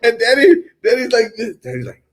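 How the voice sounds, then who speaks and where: A man, a comedian, telling stories in a casual comedy chat, animated and laughing through his lines. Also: very high voice, brisk.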